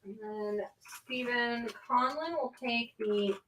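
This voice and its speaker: A woman's voice: a little high, slow pace, fairly bright tone, far from the mic, a little hiss or hum, low-quality recording. A woman co-hosting a live comic sale, reading out buyers' claims in a casual, matter-of-fact way. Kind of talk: casual chat.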